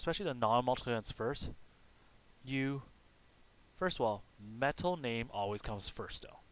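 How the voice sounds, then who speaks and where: A male teacher with a lively, swinging pitch walks through a lesson one step at a time. He poses his own questions and answers them, dropping in frequent "okay?" check-ins. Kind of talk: recorded classroom lesson.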